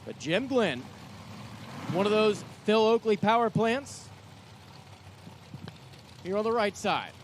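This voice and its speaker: A man announcing drag racing live at the track, excitable and folksy, quick with a joke. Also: high voice, a little hiss or hum. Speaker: track announcer and assistant general manager. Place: outdoor drag strip. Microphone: hand-held announcer mic.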